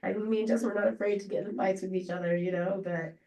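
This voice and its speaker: A woman's voice: mid-range voice, fairly even intonation, mellow. Rambling woman, distant roomy sound. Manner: halting and rambling, many fillers and restarts. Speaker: friend giving a memorial tribute. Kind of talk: emotional unscripted memorial speech. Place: memorial gathering room. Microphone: distant laptop or room mic on a video call. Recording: roomy, distant video-call audio.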